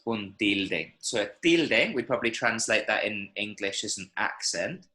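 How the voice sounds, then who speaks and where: Male language teacher, bright tone, checks in with students often. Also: lowish voice, expressive, measured pace, rough recording. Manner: patient, explains and checks understanding. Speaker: Spanish teacher. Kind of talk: online language lesson. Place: online class, speaking from Medellín. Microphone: video call.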